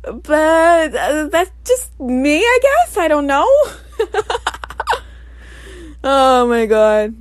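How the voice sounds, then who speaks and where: A woman's voice: high-pitched, sing-song, slow pace, no echo. A woman hosting a casual solo podcast, playful and jokey, often breaking into giggles. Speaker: podcast host.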